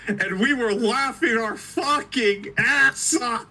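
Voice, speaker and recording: A man's voice: very high voice, takes it slowly, bright, forceful tone, low-quality recording. A man co-hosting a casual movie review chat, laid-back and swearing often. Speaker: podcast co-host.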